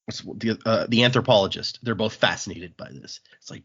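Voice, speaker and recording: A man's voice: on the low side, brisk, few pauses, fairly bright tone, husky. A man co-hosting a casual podcast, recapping a graphic novel and acting out characters' lines as he goes. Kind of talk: casual chat. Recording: dull lo-fi podcast audio.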